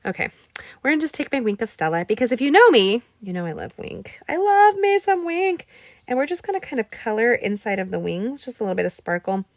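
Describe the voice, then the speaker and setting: A chatty woman teaching a live card-making class, her voice bouncing up and down with lively, animated pitch. She talks straight to her viewers as she works. The sound is close and dry, with no room echo. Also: fast talker, gravelly, hardly any pauses. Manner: bubbly, talks to viewers directly, reads out chat; gets emotional when talking about a late friend. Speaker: card-making instructor and live-stream host. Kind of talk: live craft tutorial, chatty.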